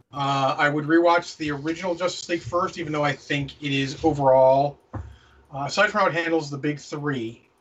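A man's voice: fairly high pitch, a bit bright, breathy edge, recorded from a distance, highs cut off. A man co-hosting a casual movie review podcast, opinionated and ranting, swearing freely. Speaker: podcast co-host.

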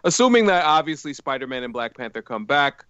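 A man on a podcast panel speaking in a measured, thoughtful way. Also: mid-range voice, big pitch swings, fairly bright tone, smooth, muffled recording. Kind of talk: casual chat.

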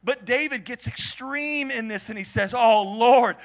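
A man preaching a sermon to a congregation, joking with the crowd and swinging from low murmurs to shouted peaks. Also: unhurried. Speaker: pastor. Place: church hall before a congregation.

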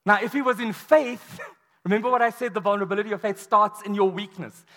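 A man with a high voice preaches a sermon, telling the story vividly and slipping into acted-out quotes. His voice rings with the long reverb of a large hall or church. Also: fairly quick, a bit bright.

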